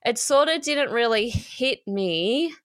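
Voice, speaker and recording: A woman's voice: on the high side, animated, slow pace, a bit bright, no echo, studio quality. Frank woman telling a story. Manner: emotional, frank storytelling with casual swearing. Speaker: podcast co-host. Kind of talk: candid podcast chat.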